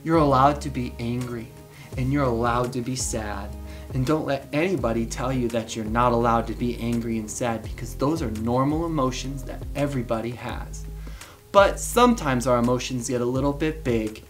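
A woman's voice: very deep voice, normal speed, faint music behind. A woman hosting a children's bedtime story show, reading picture books aloud in a playful, encouraging way that invites the listener to join in.

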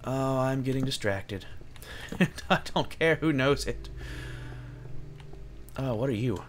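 A man's voice: mid-range voice, takes it slowly, a little hiss or hum. A young man giving chatty Let's Play commentary, rambling and yelping when monsters jump him. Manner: chatty, jumpy, yelps at monsters. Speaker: gaming video host.

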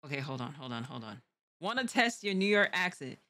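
A woman's voice: sits low, big pitch swings, a little fast, sharp tone. A woman hosting a meme reaction video, talking in blunt, slangy casual asides.

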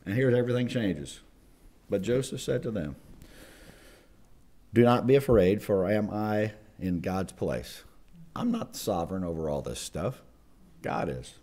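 A man preaching a chapel sermon, lively and acting out quoted voices. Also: mid-range voice, normal speed. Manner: animated, acts out quoted voices. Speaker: chapel speaker. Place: college chapel.

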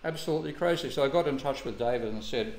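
A man's voice: medium pitch, fast talker. A man giving an economics lecture, telling anecdotes bluntly and swearing casually. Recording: echoey room, faint ambient noise.

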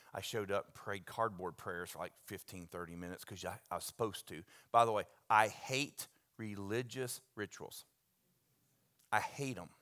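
A man preaching as a pastor, telling stories with big swings from hushed asides to loud bursts. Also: on the low side. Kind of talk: sermon. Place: church sanctuary.

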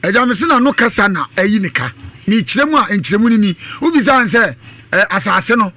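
A Ghanaian man co-hosting a live radio talk show, speaking in an animated way and repeating phrases for emphasis. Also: high-pitched, fast. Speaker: radio co-host. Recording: dry radio studio.

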